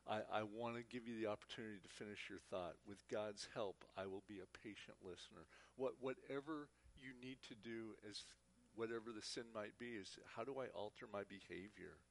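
A man's voice: lowish voice, fairly quick. A man teaching a Bible class, speaking earnestly and often repeating words as he talks. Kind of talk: church teaching talk.

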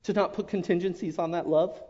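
A man giving an emotional personal testimony to his church, earnest and halting, often dropping to a hush. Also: sits high, fairly even intonation. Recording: dull lo-fi recording.

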